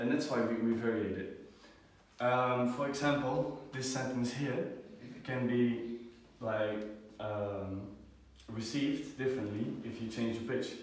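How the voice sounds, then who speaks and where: A young man giving a student class presentation, halting often with fillers and restarts. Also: mid-range voice. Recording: echoey room, far from the mic.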